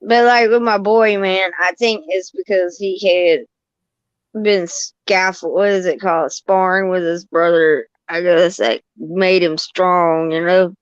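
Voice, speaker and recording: A woman's voice: fairly low pitch, fairly even intonation, a little slow, clean tone, dry recording. Mom chatting loose about her kid, dull lo-fi sound, dry. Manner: chatty, loose and laughing with slang. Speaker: parent sharing stories in chat. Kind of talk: casual chat.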